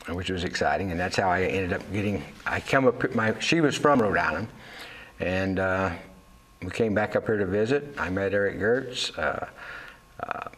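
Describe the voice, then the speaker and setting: An older man, a Navy veteran and fishing captain, candidly tells his life story in an interview. His voice is low, expressive and fairly bright at a moderate pace, and he rambles with many fillers and restarts while acting out the voices of people in his stories.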